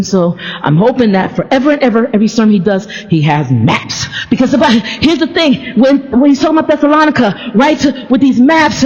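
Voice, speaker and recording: A woman's voice: fairly high pitch, big-room sound, dull audio. A woman vlogger in a casual faith monologue, rambling playfully and stammering through many restarts.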